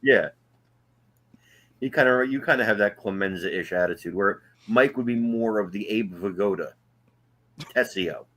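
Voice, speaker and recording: A man with a New Jersey accent tells rambling wrestling stories on a casual podcast. His voice sits very low and has a husky edge. He talks loosely, full of fillers and restarts. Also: measured pace, long pauses, fairly bright tone. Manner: rambling storyteller, frequent fillers. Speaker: wrestling promoter and podcast co-host. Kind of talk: casual chat.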